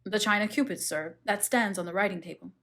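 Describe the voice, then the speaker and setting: A woman voices a solemn old butler in a storybook reading, stiff and formal. His lines are deferential and measured, and they end low and respectful. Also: fairly bright tone, natural voice.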